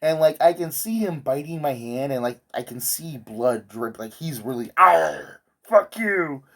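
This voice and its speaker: A man's voice: mid-range voice, moderate pace, dark tone. A man vlogging while he sews, telling a meandering story in an offhand way and swearing casually.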